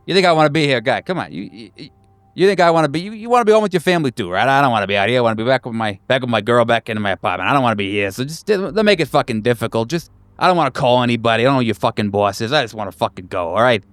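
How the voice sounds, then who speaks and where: A man's voice: mid-range voice, expressive, rapid-fire, fairly bright tone, dry recording, natural voice. A man voicing a crude, defensive male fumigation worker who stammers and swears. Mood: irritated.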